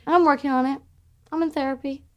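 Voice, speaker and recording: A woman's voice: high-pitched, steady tone, quick pace. A young adult woman musician speaking frankly in an interview, with many "like" fillers, casual swearing and wry self-mocking humor. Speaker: musician discussing her album. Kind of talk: candid interview talk.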